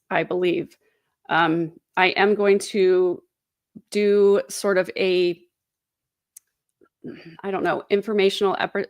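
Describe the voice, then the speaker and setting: A woman's voice: lowish voice, vocal fry, dry recording, clean studio sound. A woman hosting a true crime livestream, chatting casually and wryly while reading out viewer comments, with frequent "um" fillers. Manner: chatty, wry, many "um" fillers.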